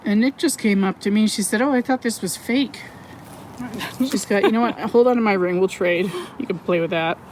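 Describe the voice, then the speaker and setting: Chatty excitable woman vlogging outdoors. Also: mid-range voice, fast, slight background noise, rough recording. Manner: chatty and excitable, self-correcting. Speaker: metal detecting vlogger. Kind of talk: casual outdoor vlog narration. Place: outdoors on a wooded property.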